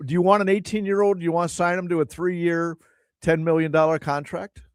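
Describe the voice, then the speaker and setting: Male co-host, slightly higher voice, dry studio sound, pushes questions and what-ifs. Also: flat delivery, brisk, smooth, no room sound. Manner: questioning, poses hypotheticals. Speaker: sports radio co-host. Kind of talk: casual sports talk.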